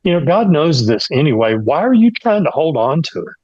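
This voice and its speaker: A man retelling a patient, firm male prison ministry volunteer's calm, gently teasing words in his own voice, on a slightly dull recording. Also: fairly high pitch, brisk, no echo.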